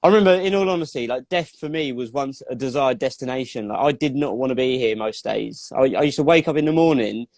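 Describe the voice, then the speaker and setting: A man's voice: mid-range voice, fast, hardly any pauses, darkish tone, no echo, studio quality. A man hosting a casual chat, speaking candidly and personally, with frequent "like" fillers. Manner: candid, personal, uses "like" often. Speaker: host.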